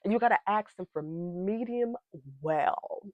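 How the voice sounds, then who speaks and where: A young woman talking in a casual makeup vlog, bubbly and giggly, jumping from topic to topic. Her voice sits at a middle pitch. The sound is dry and close, from a small wireless mic. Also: measured pace, dry recording, narrow, tinny audio. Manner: hyper, giggly, rambling, talks straight to her viewers. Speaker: beauty vlogger. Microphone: wireless receiver mic.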